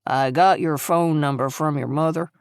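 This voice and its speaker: A woman voicing a steady, plain-spoken small-town male police officer, terse and earnest, with a put-on Southern accent. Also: low voice, normal speed, clear, resonant tone, no echo, clean studio sound, pitched below the performer's own voice.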